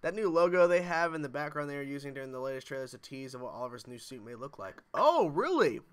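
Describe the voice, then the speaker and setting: A man's voice: medium pitch, very animated, fast talker, clear, resonant tone. A young man hosting a livestream, chatting casually and reading viewer comments aloud in a jokey way. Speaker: livestream host.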